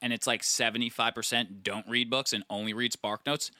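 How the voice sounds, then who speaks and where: A young man in casual podcast chat, animated, joking and swearing freely. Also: mid-range voice, a little fast, no echo, clean studio sound.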